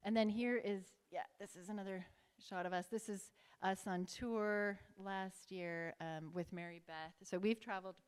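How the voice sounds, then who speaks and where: A woman's voice: medium pitch, steady tone, normal speed, hardly any pauses, clean tone. Talk like a woman opening a workshop on a handheld mic: chatty, friendly, circling back to fix your words. Let the sound carry the long reverb of a big hall. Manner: chatty, self-correcting. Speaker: workshop leader. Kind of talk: presenting a church workshop. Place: large conference hall. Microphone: handheld microphone.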